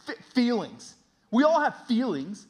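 A man's voice: very high voice, very animated, measured pace, a little mellow, exaggerated voice. A man voicing a nervous, doubtful younger friend who stumbles over his words. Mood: flustered. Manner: hesitant, flustered.

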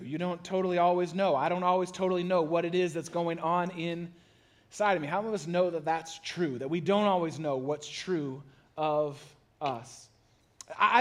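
A man, a pastor, giving a sermon in a casual, conversational way, with animated storytelling and self-deprecating asides. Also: high voice. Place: church sanctuary.

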